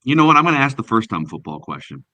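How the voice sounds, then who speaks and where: A man's voice: on the low side, big pitch swings, rapid-fire, bright, forceful tone, dry recording. A man hosting a podcast, casually prompting his co-hosts with easygoing questions. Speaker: podcast host.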